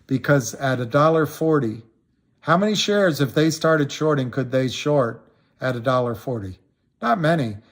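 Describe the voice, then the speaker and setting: A man's voice: medium pitch, expressive, normal speed. A middle-aged man hosting a casual livestream, rambling and repeating himself for emphasis, his voice climbing when he gets worked up. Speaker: livestream host talking stocks. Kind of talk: casual livestream talk answering viewers.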